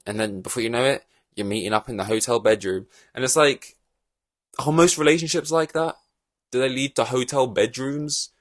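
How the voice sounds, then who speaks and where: A man hosting a casual podcast, rambling in animated reaction chat with loose swearing and lots of fillers. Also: mid-range voice, dry recording. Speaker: podcast host.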